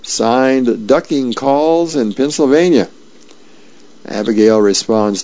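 A man reading the newspaper aloud as a volunteer radio reader, relaxed and informal with occasional ums. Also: medium pitch, measured pace, creaky. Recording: dull lo-fi radio.

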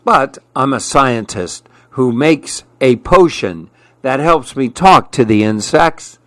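Brief: male storyteller for a children's book, unhurried and very lively in pitch, dry close sound. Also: no room sound. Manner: slow, expressive read-aloud.

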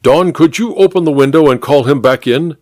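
A man's voice: fairly high pitch, fairly quick, darkish tone, dry recording, studio quality, voice pushed up, natural voice. A man voicing a flustered, stammering older judge in a radio mystery.

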